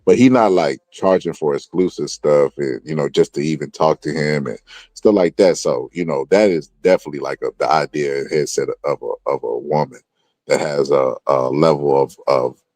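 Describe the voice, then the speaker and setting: A male host of a casual talk show, telling long animated stories full of restarts. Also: rumbling low, normal speed, no room sound. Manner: animated rambling storyteller, many restarts. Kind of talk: casual podcast chat.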